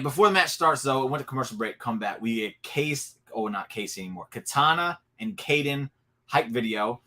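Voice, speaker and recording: Man, wrestling recap host, bright forceful voice, animated and casual, home stream mic. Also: mid-range voice. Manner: excited, animated storytelling with laughs and asides. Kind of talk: casual solo recap talk.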